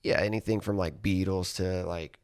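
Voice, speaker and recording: A man's voice: low-pitched, fairly even intonation, normal speed, darkish tone, clear, resonant tone, dry recording, studio quality. Laid-back young man rambling. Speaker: musician guest. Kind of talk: casual chat.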